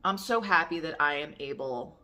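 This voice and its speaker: Thirties woman vlogger, low pitch with bright bite, rambling candid chat to camera. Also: lively intonation, moderate pace. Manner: chatty, rambling, candid with swearing.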